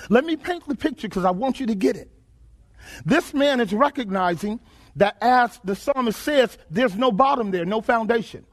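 A man preaching a sermon, asking rhetorical questions, repeating phrases and swinging between shouts and low murmurs.

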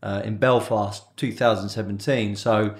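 A man's voice: lowish voice, fairly even intonation, moderate pace. A man hosting a podcast interview, asking questions in a chatty way and telling anecdotes. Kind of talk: conversational interview.

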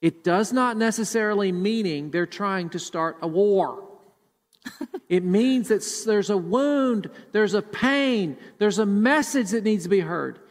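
A man's voice: sits high, expressive, measured pace, in a large hall. A male pastor delivering a sermon emphatically, often repeating words as he preaches. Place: church sanctuary.

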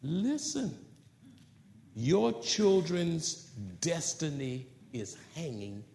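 A man preaching to his congregation in a high, animated voice that leaps and drops. He swings between loud, rising calls and quiet, low asides. The sound carries the echo of a big room. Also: extremely slow, creaky. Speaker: pastor. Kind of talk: sermon.

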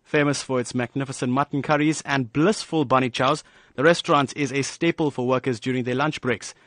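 Guy doing a radio news piece, smooth scripted read, dead dry booth. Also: mid-range voice, steady tone, a little fast, a bit bright, no room sound.

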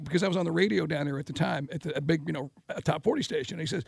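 Male sports radio host, husky, animated, storytelling. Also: high-pitched, rapid-fire, few pauses, dry recording, clean studio sound. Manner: animated storytelling, laughing often. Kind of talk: casual sports radio chat.

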